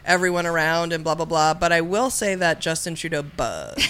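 A woman with a slightly low but bright, edgy voice co-hosts a comedy podcast. She talks in a wry, hesitant way and laughs easily. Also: lively intonation, moderate pace, slight background noise. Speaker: podcast co-host. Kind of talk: casual comedic podcast chat.

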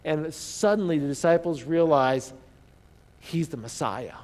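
A man preaching a sermon as pastor, telling the story with animated emphasis, dropping to hushed asides and asking the congregation rhetorical questions. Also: on the high side, a little slow, in a large hall.

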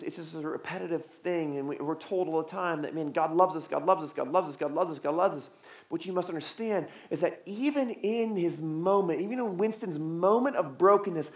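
Man preaching, sermon, high voice, hushed to urgent, repeats words, roomy echo. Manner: swings from soft and hushed to loud and urgent; repeats words and restarts phrases. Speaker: pastor.

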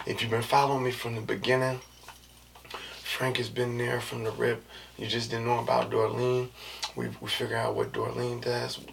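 A man hosting his own podcast, talking in a loose, slangy, rambling way with lots of fillers and a soft, low-key delivery. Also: gravelly. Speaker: podcast host. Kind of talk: casual solo podcast chat. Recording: distant mic with faint background noise.

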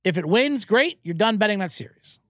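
A man hosting a sports betting podcast alone in a small booth, ranting in a rambling, excitable, profane way. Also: high voice, fairly quick, dry recording, clean studio sound. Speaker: podcast host and sports bettor. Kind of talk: casual sports betting rant.

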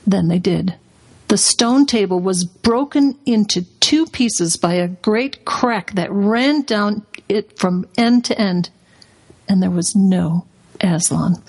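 A woman reading a storybook aloud as a guest on a radio talk show in an expressive storytelling manner. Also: medium pitch, takes it slowly, husky. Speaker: guest, curriculum company president.

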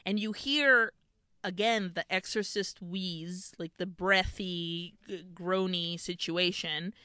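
A woman co-hosting a podcast, recapping a horror film in an animated, profane way with lots of laughter. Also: fairly low pitch, takes it slowly, smooth, dry recording. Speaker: podcast co-host. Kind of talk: casual film recap chat.

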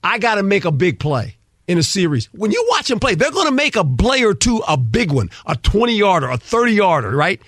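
Older male ex-coach guest, lively storyteller, high bright voice, dry studio sound. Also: fairly quick, no echo. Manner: animated storyteller, lively, repeats words. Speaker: former coach, guest analyst. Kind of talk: casual sports talk.

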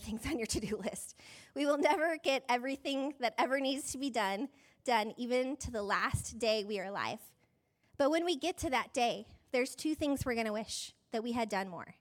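In a slightly high voice, a woman pastor preaches a conversational, self-deprecating sermon. She chats along, saying "like" a lot and laughing in the middle of sentences.

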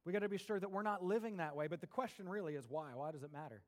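A man with a high voice delivers a lively sermon to his congregation. He drops into soft, conversational asides, then climbs into loud, emphatic bursts as he drives a point home. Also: very fast. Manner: animated preaching, swings between soft asides and raised emphatic bursts. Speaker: pastor.

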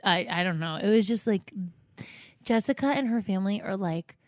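A woman's voice: mid-range voice, expressive, moderate pace, dry recording, clean studio sound. A young woman co-hosting a podcast in casual chat, emotional and swearing freely, full of "like" fillers. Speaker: podcast co-host.

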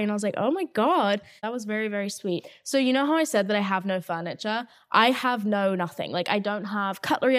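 Casting: young woman in her twenties hosting a podcast, unfiltered and chatty, mid-pitched voice, recorded at home in her flat. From England. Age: 20s. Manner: chatty and animated, swears freely, many "like" fillers. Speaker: podcast host. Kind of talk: casual solo chat. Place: her new flat, indoors.

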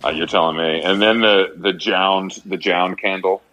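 A man's voice: low voice, fairly even intonation, moderate pace, pushed and bright, poor audio. A young man co-hosting a podcast in casual chat, laid-back and slangy with lots of fillers. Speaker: podcast co-host.

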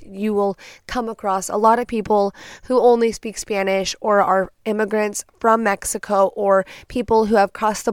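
A young woman from Texas tells a story on her podcast, blunt and profane, and she acts out the voices of the people in it. Her voice sits at a middle pitch. The sound is close and dry, with no room echo. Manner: blunt, profane, animated retelling with quoted asides. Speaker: podcast host. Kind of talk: casual storytelling.

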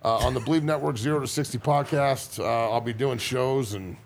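A man with a gravelly voice tells rowdy, profanity-filled stories as a podcast guest. Faint noise hums under the recording. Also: medium pitch, fairly quick. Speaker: guest former football player. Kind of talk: casual podcast chat.

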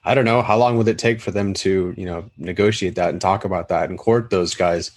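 A man's voice: deep voice, a little fast, a little mellow. A man co-hosting a casual sports podcast with an offhand, wry way of talking.

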